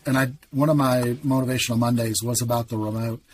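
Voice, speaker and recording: A middle-aged man telling his faith testimony in casual talk, as an earnest storyteller with quick asides. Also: medium pitch, steady tone, slight background noise. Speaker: podcast guest.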